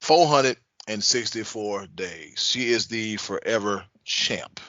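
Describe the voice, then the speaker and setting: A man's voice: fairly low pitch, takes it slowly, bright, forceful tone, no room sound, dull audio. A man hosting a wrestling podcast, joking around and then reading news aloud in a laid-back way. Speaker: podcast host. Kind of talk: casual chat and news reading.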